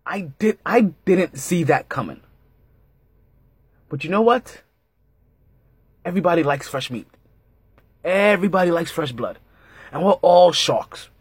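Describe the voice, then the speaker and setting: Animated husky-voiced man hosting a podcast. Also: on the high side, a little slow, pauses often, no echo. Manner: animated, repeats himself, jokey asides. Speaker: podcast host. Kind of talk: casual sports podcast monologue.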